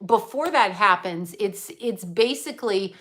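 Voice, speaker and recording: Brief: middle-aged woman, psychic medium, loose rambling live vent, bright edgy tone, curses freely. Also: medium pitch, expressive, measured pace. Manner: blunt, profane, rambling with frequent laughs and asides. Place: home in Los Angeles area.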